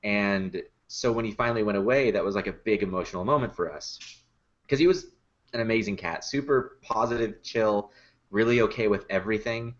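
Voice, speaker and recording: Male puppet builder, low-pitched, chatty and quick to laugh; dull lo-fi podcast sound. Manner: laughs easily, chatty storytelling with many fillers. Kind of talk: casual podcast chat.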